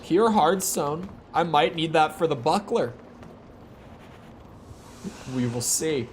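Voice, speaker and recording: A man's voice: fairly high pitch, expressive, takes it slowly, slight background noise. A man giving rambling live gameplay commentary, chatting to viewers and correcting himself as he goes. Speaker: streamer.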